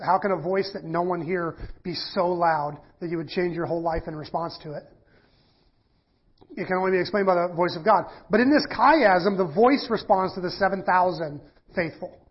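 A man's voice: sits high, normal speed, husky. A man teaching a sermon in a conversational way, reading scripture aloud and breaking it down with fillers and restarts. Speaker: preacher. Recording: dull lo-fi sermon recording.

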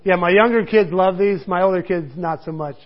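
A man's voice: high-pitched, fairly quick. A middle-aged man teaching a casual Bible study, conversational, chuckling and acting out the quotes he tells. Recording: dull lo-fi recording.

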